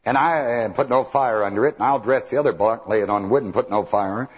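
A man preaching a sermon, telling the story with animated mimicry and chuckles. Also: medium pitch, fast talker, hardly any pauses, slightly rough. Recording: dull old hall recording.

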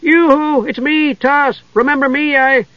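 Brief: man playing an eager, rambling kender, high and bouncy, dry lo-fi audiobook sound. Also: normal speed, slightly rough, no room sound. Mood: excited. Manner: eager, rambling, shrill when excited. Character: excitable chatty male kender adventurer. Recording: dull lo-fi dry recording.

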